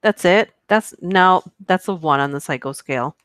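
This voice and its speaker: A woman's voice: fairly low pitch, normal speed, fairly bright tone, dry recording, studio quality. A woman reading stories aloud on a live stream, breaking off for casual, chatty asides to her viewers. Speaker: YouTube horror story narrator.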